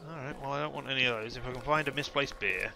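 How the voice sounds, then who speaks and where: A man's voice: medium pitch, quick pace, creaky, heavy background noise. A man giving rambling let's-play commentary, chatting through his game and yelping when he gets hit. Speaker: gameplay commentator. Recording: loud game music underneath.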